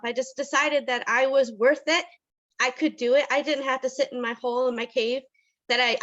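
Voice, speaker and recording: A woman's voice: high-pitched, pushed and bright, dull audio. A woman in her forties giving a personal testimony over a video call, nervous and emotional with laughs between phrases. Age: 40s.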